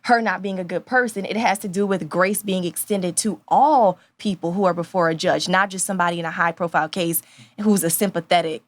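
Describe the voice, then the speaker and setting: A woman from New Orleans in her thirties, a news anchor talking as a podcast guest, confident and animated, laughing often. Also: lowish voice, a little fast, dry recording. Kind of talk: casual podcast interview.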